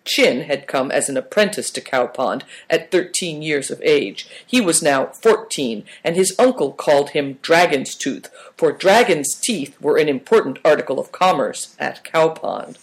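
A man reading a story aloud as narrator, in a measured storytelling manner. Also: on the high side, animated. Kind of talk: audiobook narration.

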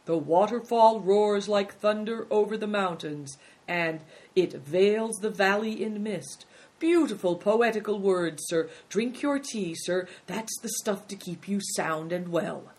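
A narrator voicing an old male innkeeper who fawns and flatters with gushing, shrill exclamations. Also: measured pace, natural voice. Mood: flattering. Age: older.

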